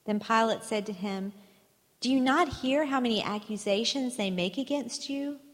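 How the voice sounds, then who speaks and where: A woman reading scripture aloud in a church service in a steady, even manner. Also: on the high side, normal speed. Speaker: scripture reader. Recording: long church reverb.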